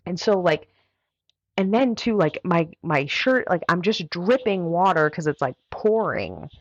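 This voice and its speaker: A woman's voice: fairly low pitch, very animated, unhurried, dry recording. A woman guest on a talk show, telling a story in a chatty way with lots of filler words. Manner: chatty, heavy use of "like" fillers. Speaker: guest runner. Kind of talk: casual storytelling. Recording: dull, dry lo-fi audio.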